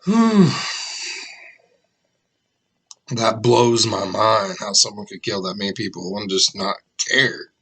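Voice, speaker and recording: Husky slow-talking reaction host. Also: male voice, fairly low pitch. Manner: chatty, animated, jokey outbursts. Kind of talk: casual reaction commentary.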